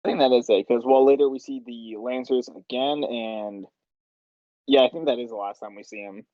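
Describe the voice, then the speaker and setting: A man's voice: medium pitch, fairly even intonation, moderate pace, no room sound. Rambling man directing over a dull line. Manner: rambling, laughing as he explains scenes. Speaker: machinima director and writer. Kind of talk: casual directing chat.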